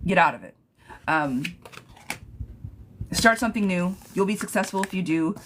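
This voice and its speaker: A woman's voice: on the low side, lively intonation, moderate pace, a bit bright, a little hiss or hum. A woman reading tarot live for viewers, chatting casually and laughing often. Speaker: tarot reader.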